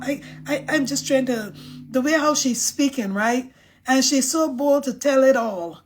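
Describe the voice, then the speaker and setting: A woman's voice: high voice, moderate pace. A woman hosting a casual live stream, reading viewer comments aloud and giving her emphatic, outspoken opinions.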